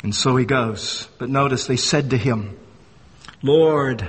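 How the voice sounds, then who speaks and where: A man preaching a sermon with dramatic swings between loud emphasis and hushed, low phrases. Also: fairly even intonation, normal speed, husky, in a large hall.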